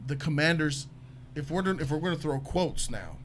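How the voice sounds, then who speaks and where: A man hosting a casual panel talk show about a TV episode, talking in an emphatic, animated way. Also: a little high, a little fast, slight background noise. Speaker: show host.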